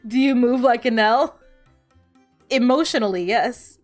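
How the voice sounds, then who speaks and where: Woman streamer rambling casually while she plays, laughs a lot, bouncy voice all over the place. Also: high-pitched. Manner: rambling, animated, laughs often. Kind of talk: casual gaming stream chat.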